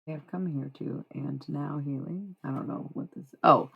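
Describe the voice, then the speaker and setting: A live streamer chatting casually with viewers, swearing and laughing freely, and reading spiritual passages aloud slowly and deliberately. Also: medium pitch, vocal fry, sharp tone, husky, poor audio.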